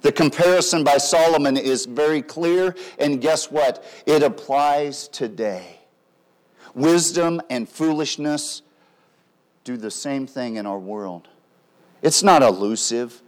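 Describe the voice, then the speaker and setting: A man preaching a sermon, swinging between loud emphatic lines and soft, quiet drops. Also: medium pitch, slow. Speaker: pastor.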